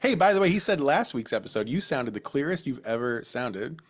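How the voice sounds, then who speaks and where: An American man co-hosts a podcast, chatting casually and telling stories while joking and laughing often. His mid-range voice is very animated and brisk, and he slips into silly voices when quoting people.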